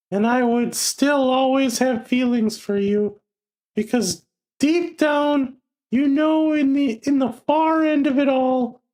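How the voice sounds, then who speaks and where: A woman flatly reading a possessive romance hero. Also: high-pitched.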